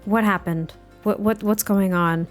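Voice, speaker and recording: A woman voicing a caring, intuitive young wife who fires off quick, stammered questions. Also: medium pitch, steady tone, soft background music, lightly acted. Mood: concerned.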